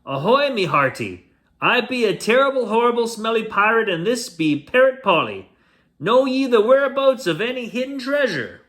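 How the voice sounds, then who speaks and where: A man's voice: on the high side, sing-song, slow. A man doing a hollering smelly pirate. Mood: boastful. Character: loud gruff smelly old male pirate.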